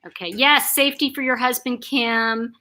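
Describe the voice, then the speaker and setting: An older woman hosting a casual live chat, reading viewer comments aloud, chatty and quick to laugh. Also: fairly high pitch, steady tone. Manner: warm, chatty, reacts to comments, laughs often.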